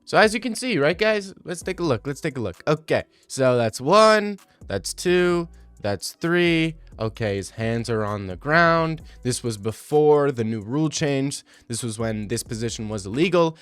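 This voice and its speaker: A young man in his twenties giving casual, animated and mocking commentary over fight replays. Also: mid-range voice, a little slow, clear, resonant tone, no echo. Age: 20s. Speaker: video commentator.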